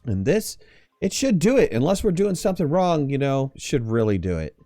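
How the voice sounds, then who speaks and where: A man's voice: medium pitch, very animated, brisk, mellow, no echo, studio quality, soft background music. A young man hosting a casual multiplayer game stream, joking and laughing often with his teammates. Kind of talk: casual gaming chat.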